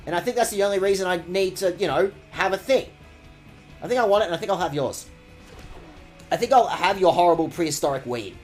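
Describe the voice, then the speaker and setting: A man's voice: high voice, animated, brisk, soft background music. Sarcastic man streaming a game. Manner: sarcastic, rambling, mock-outraged asides. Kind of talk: sarcastic let's-play commentary.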